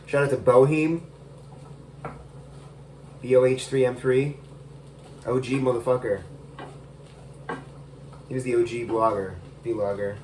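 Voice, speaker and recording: A man's voice: mid-range voice, fairly even intonation, unhurried, pauses often, a little mellow. Brief: man in his thirties, casual rambling film rant recorded on a phone in his kitchen, heavy swearing, faint noise behind. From United States. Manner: swears a lot, rambling and exasperated. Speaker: vlogger reviewing a film. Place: home kitchen, cooking.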